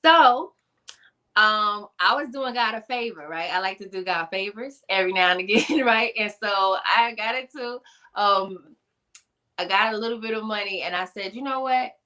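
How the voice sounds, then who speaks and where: A woman telling her personal testimony in an animated storytelling style, acting out voices and laughing often. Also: mid-range voice, moderate pace. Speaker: guest, motivational speaker.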